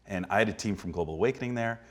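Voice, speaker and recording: A minister eagerly telling a story, quick and playful, making little sound effects. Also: male voice, lowish voice. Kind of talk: casual storytelling.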